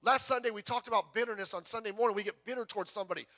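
A man preaching a sermon as pastor, in a lively, conversational way with jokes and quick self-repeats. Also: high-pitched.

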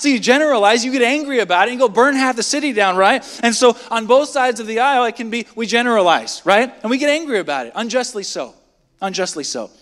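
A man's voice: very high voice, expressive, quick pace, a bit bright. A man preaching a midweek sermon in a church, talking in a conversational way and firing rhetorical questions at the congregation. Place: church sanctuary. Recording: long hall reverb.

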